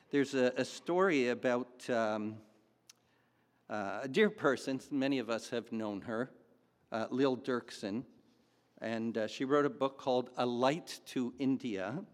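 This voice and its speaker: A man preaching a sermon in a chatty, storytelling way with fillers and asides. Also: medium pitch. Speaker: pastor. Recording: long hall reverb.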